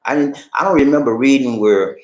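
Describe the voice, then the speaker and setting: A man's voice: mid-range voice, a little fast, reverberant, dull audio. A middle-aged man from the American South, giving emphatic, preachy personal commentary.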